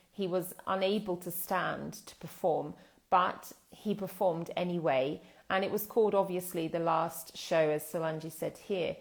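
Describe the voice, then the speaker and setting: A British woman with a voice on the low side teaches English in a live online lesson. She explains things thoughtfully, with pauses and fillers.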